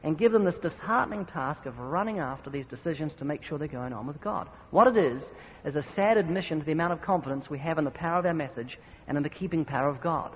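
A man preaching a sermon, emphatic and forceful, with sudden loud swings in volume. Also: fairly high pitch, expressive, fast, a little hiss or hum. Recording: dull reverberant hall recording.

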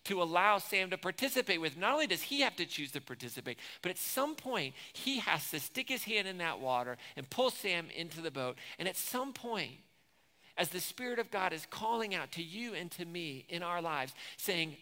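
A man's voice: high voice, sing-song, moderate pace, sharp tone. A man preaching a sermon, retelling movie scenes and acting out the characters' lines with rising intensity. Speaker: pastor. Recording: long hall reverb.

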